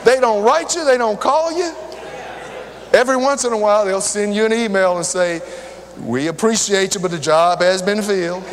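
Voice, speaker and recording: Older male preacher, lively storytelling sermon, high pitch, echoing church hall. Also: moderate pace. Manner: lively, conversational, talks straight to the crowd. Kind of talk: sermon with personal stories. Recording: long hall reverb.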